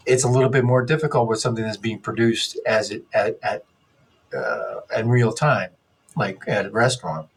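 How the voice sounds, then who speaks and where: A middle-aged man lectures off the cuff as an instructor. He rambles and corrects himself mid-sentence, now and then slipping in a dry, sarcastic remark. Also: medium pitch. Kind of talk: unscripted classroom lecture.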